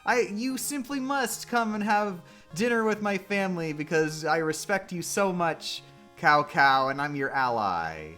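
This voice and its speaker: A streamer voicing an eager, fawning rich man who invites a guest to dinner, in a high put-on voice. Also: unhurried, a bit bright, faint music behind, close to an everyday voice. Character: gushing eager rich male host.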